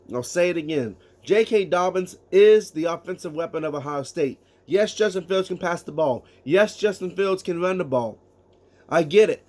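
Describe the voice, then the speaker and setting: A man giving casual solo sports talk, emphatic, reading out statistics and asking rhetorical questions. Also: a little high. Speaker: sports commentator.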